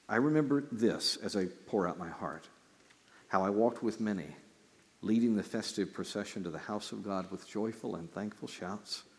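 A pastor preaching a sermon, reading scripture and explaining it with lively restarts. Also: male voice, fairly low pitch, normal speed. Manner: animated preaching with repeated restarts. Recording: hall reverb.

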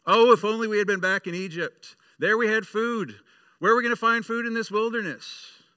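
A man's voice: sits high, a little fast, sharp tone, smooth, dry recording, clean studio sound, voice pushed up. A man putting on a whiny, wailing crowd. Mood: whining. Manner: wailing, complaining. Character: whiny frightened crowd of wandering adults.

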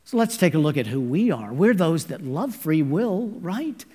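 A man's voice: fairly high pitch, very animated, normal speed, dark tone, husky. A man preaching a sermon with emphasis, calling his listeners friends. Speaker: pastor.

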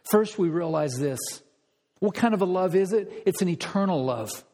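Emphatic preacher in a reverberant hall. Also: male voice, high voice, lively intonation, moderate pace, dark tone. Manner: rhetorical questions, emphatic repetition. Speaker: pastor. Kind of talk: sermon.

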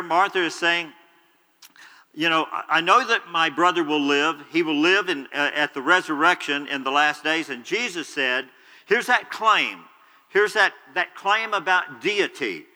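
Earnest male preacher, bright and forceful, fairly high voice, long reverb in a church hall. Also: a little slow. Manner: earnest, explanatory, retelling scripture in his own words. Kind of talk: sermon.

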